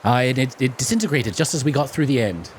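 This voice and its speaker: A man's voice: medium pitch, lively intonation, quick pace, a little hiss or hum. A man playing a tabletop game, speaking politely and a bit hesitantly in character. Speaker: player. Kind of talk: in-character role-play.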